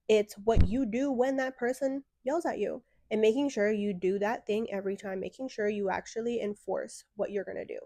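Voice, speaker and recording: A woman's voice: medium pitch, mellow, no room sound. Blunt, frank woman giving advice. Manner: blunt, frank, sassy asides. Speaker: coach answering viewer questions. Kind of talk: direct-to-camera advice talk.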